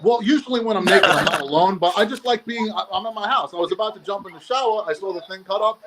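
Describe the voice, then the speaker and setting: Guy calling in from his house, high fast voice, sarcastic comebacks, lots of noise on the line. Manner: sarcastic, defensive, challenging. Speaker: guest on call-in. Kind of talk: heated live debate. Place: at home.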